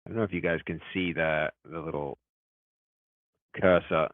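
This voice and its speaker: A man who runs a game studio, chatting casually on a live stream, excitable and hyped, now and then bursting into loud shout-outs. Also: very deep voice, moderate pace, dry recording. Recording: tinny, phone-like dry sound.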